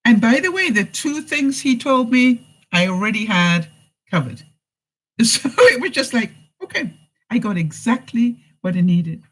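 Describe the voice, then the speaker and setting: In a rough recording, a middle-aged woman vlogger reads viewer comments during a live-stream chat and gives life advice. Her voice is high, slightly rough and very animated at a measured pace, and she tells stories, acts out quoted lines and laughs often.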